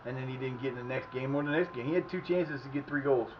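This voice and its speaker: A middle-aged man streaming live and chatting casually as he plays, excitable and profane, often yelling at the action. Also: medium pitch, quick pace, highs cut off, background noise. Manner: excitable, profane, shouts at the play. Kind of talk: casual live commentary while playing.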